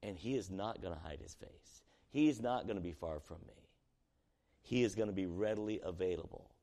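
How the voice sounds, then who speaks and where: A man preaching as a pastor, reading scripture and asking the room questions, his voice alternating between quiet reading and loud emphasis. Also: sits low, brisk, big-room sound.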